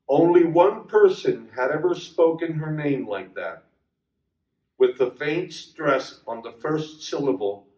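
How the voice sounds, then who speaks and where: A man reads a short story aloud in a measured, deliberate manner at an unhurried pace. His voice sits fairly high. The recording is roomy, with the mic well away from him. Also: darkish tone. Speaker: reader at a reading circle. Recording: echoey room, distant mic.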